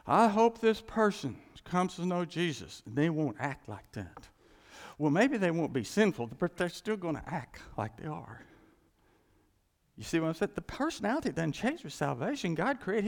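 Animated preacher with gravelly voice. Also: male voice, on the high side, in a large hall. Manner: animated, folksy, acts out scripture scenes. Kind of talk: sermon.

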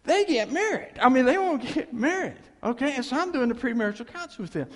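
A man, a pastor, telling a story in a sermon in an animated, folksy way. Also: very high-pitched, quick pace. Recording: long reverb of a large hall.

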